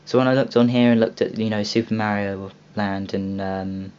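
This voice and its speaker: A man's voice: lowish voice, steady tone, moderate pace, a little mellow. A young man hosting a casual video walkthrough of a game store, rambling with many ums and restarts. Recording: dull lo-fi home recording with faint hiss.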